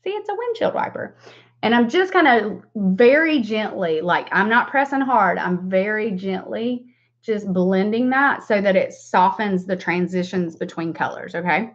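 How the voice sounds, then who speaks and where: A woman's voice: medium pitch, animated, measured pace. A woman in her forties with a Southern US accent, giving a casual livestream makeup tutorial. She chats with viewers by name and laughs often. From Southern United States. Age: 40s. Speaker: makeup vlogger. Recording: dull lo-fi livestream audio.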